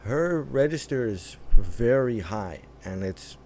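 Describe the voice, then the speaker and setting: Guy rambling through a reaction vid, mid-pitched voice, lots of like and um, bit of faint hiss behind. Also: animated, takes it slowly, darkish tone. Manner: rambling, many restarts and fillers. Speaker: reaction host. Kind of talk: casual reaction commentary.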